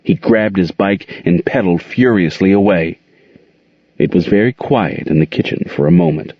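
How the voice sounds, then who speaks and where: A man narrating a novel as an expressive audiobook reader, in a dull, dry recording. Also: deep voice, moderate pace, dry recording. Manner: expressive storytelling.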